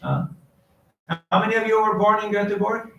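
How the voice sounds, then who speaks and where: A man's voice: high-pitched, level tone, brisk, muffled recording. A man giving a devotional lecture who quotes Sanskrit verses and keeps putting questions to his audience. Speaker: preacher. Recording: echoey hall, distant mic, faint noise.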